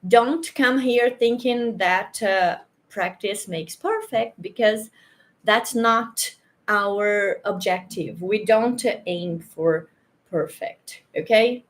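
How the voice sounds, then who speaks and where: Slow-talking Brazilian woman teaching English. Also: mid-range voice. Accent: Brazilian Portuguese. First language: Portuguese. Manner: chatty, slow and repetitive, frequent "okay?" checks. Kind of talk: casual online pronunciation lesson. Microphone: handheld or clip microphone, sometimes moved away.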